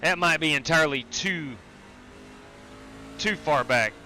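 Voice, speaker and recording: A man's voice: on the high side, measured pace, pushed and bright, slight background noise. A man streaming a sim race, chatting casually and greeting viewers while he drives. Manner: frequent fillers and restarts. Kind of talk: casual live-stream commentary.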